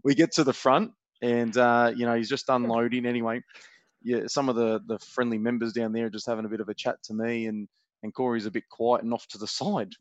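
A man's voice: mid-range voice, little pitch movement, a little fast, no echo, lo-fi sound. Teasing Australian man telling a story. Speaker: podcast co-host. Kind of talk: casual storytelling banter.

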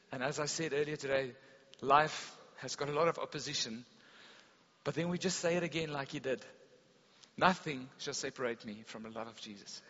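A man delivers a sermon in a big hall, his bright, fairly high voice ringing with a long echo. The sound is a bit dull and lo-fi. He tells stories with animation, going loud and then suddenly quiet. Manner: animated storytelling preacher, swings between loud and hushed. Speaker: pastor. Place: school hall service.

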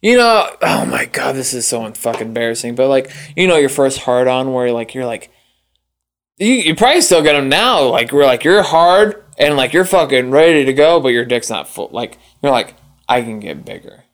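A young man telling a personal story in casual chat, rambling with lots of fillers and swearing, jumping up in pitch to act out the people he quotes. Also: big pitch swings, moderate pace. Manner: acts out quoted voices with big jumps in pitch. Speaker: podcast guest.

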